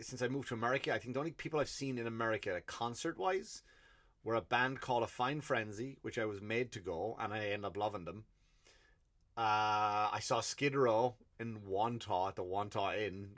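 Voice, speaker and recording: A man's voice: medium pitch, pushed and bright. Man, Irish accent, comedian, podcast host, solo rant, blunt, profane. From Ireland.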